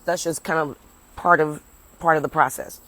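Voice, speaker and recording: On a livestream from home, partly outdoors, a young US comedian holds her phone at arm's length and rambles through a story at a moderate pace. Her deep voice is a bit bright with fairly even intonation. She swears freely, chats with viewers, and the recording is rough.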